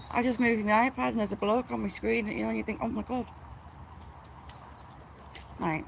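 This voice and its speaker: A blunt, chatty woman hosts a casual live stream from home. Her voice sits fairly high. The recording is noisy, with dogs heard in the room around her. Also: creaky. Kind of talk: casual chat reading viewer comments.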